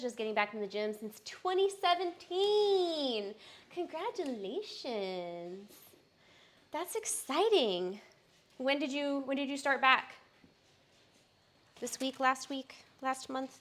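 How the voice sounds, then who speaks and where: Young woman, personal trainer, live-stream host; upbeat, chatty, slightly high, with a bright, forceful tone. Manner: chatty and upbeat, frequent fillers. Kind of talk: casual live-stream chat.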